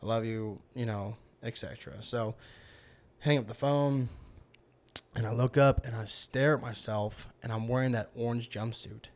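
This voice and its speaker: A man's voice: medium pitch, fairly even intonation, normal speed. Man, podcast guest, casual storytelling, rambling, fillers. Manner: rambling, heavy use of fillers like "you know".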